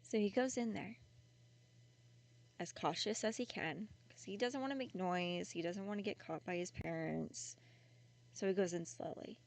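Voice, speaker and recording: A woman's voice: mid-range voice, normal speed, darkish tone. A woman casually retelling a creepy story in a chatty, conversational way with many fillers.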